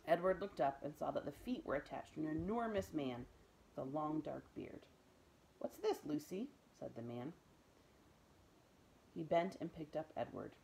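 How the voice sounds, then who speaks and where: A woman librarian reading a children's book aloud in a gentle, expressive storytelling voice. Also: low voice, vocal fry, a little hiss or hum, low-quality recording. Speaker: school librarian.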